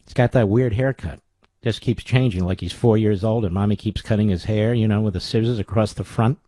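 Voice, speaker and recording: A man's voice: lowish voice, a little fast, dark tone, no echo. Sarcastic, combative male radio talk host. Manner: sarcastic, combative, fires rhetorical questions.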